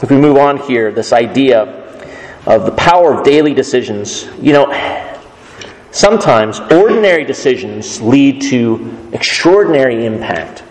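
A man's voice: medium pitch, expressive, moderate pace, darkish tone. Man preaching in an echoey hall. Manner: conversational, emphatic. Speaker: pastor. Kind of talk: sermon.

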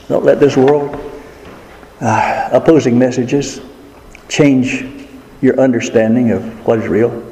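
A man preaching a sermon in an earnest, emphatic way, leaning slowly on key words. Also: mid-range voice, fairly even intonation, warm tone. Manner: earnest, emphatic, with slow drawn-out stresses. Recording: echoey hall with faint noise.

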